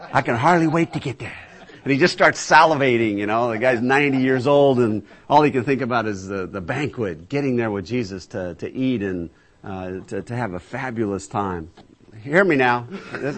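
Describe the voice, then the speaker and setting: Male preacher, emphatic scripture reader, conversational between verses. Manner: booming emphatic scripture reading, conversational asides; addresses listeners directly, filler-heavy. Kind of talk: sermon with scripture reading.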